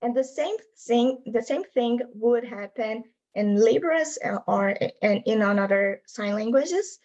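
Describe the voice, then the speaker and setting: Her voice sits on the high side, a little mellow and measured, though the recording is muffled. This young adult woman patiently walks a video-call audience through her linguistics research in non-native English.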